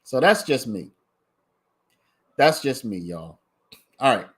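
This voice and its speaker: A man's voice: mid-range voice, big pitch swings, takes it slowly. A man hosting a casual livestream, giving his commentary in a chatty way and talking straight to his viewers. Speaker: livestream host commenting on a trial.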